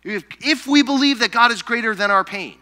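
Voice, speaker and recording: In a church sanctuary, a pastor with a very high voice preaches a sermon, telling scripture stories with animation and acting out the people he quotes. When he reads the verses, he drops to a soft, slow delivery.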